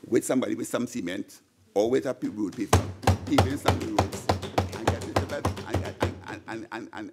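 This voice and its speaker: A man's voice: fairly low pitch, vocal fry, darkish tone, husky. A middle-aged man from Trinidad and Tobago with a Trinidadian accent, giving an impassioned senate budget speech into a desk microphone, often repeating words and restarting. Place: senate chamber.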